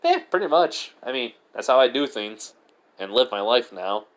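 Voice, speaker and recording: A man voicing a cheeky, sarcastic eighteen-year-old boy turned ice spirit, in a loud voice pitched above his own. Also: big pitch swings, moderate pace, lightly acted. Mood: cocky teasing. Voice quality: loud, higher than his narrating voice. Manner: brash, mocking.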